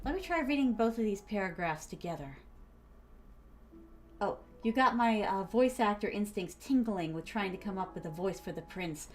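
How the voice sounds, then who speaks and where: A woman's voice: medium pitch, expressive, moderate pace, darkish tone. A woman streamer musing aloud as she writes, trying out words and chatting casually with her viewers.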